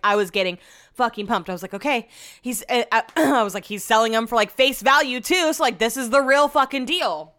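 A woman's voice: mid-range voice, pushed and bright, clear, resonant tone. A young woman hosting her podcast, casually telling a long story, chatty and swearing often. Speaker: podcast host.

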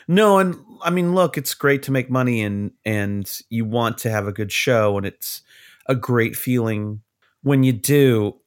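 A middle-aged man spins stories on a casual podcast. His pitch sits in the middle, and he livens his tales by putting on the voices of the people in them. His talk is loose, with fillers and the odd curse. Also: measured pace. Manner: animated anecdotes, acts out quoted voices, swears. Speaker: podcast co-host, cartoonist. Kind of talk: casual storytelling chat.

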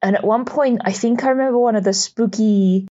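A woman's voice: on the high side, brisk, dark tone. Woman rambling thru a dream recap, lots of likes and ums, dull lo-fi memo sound. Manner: rambling, with many fillers. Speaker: podcast co-host. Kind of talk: recorded dream account.

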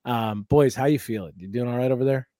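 A man's voice: medium pitch, fast talker, warm tone, dry recording, clean studio sound. A young man hosting a casual, comedic podcast chat, loose and joking with frequent swearing. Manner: loose, joking, swears often, does mock voices of people. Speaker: podcast host.

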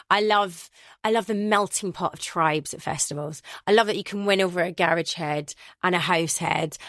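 Scottish woman DJ, chatty and animated, dry close recording. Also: deep voice, dry recording. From Glasgow, Scotland. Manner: animated storyteller who acts out quoted voices. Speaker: DJ guest. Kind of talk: casual interview chat.

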